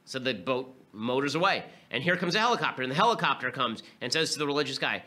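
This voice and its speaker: Male podcast host, very sharp tense tone, fast and emphatic, openly scornful. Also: medium pitch, expressive. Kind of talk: political commentary monologue.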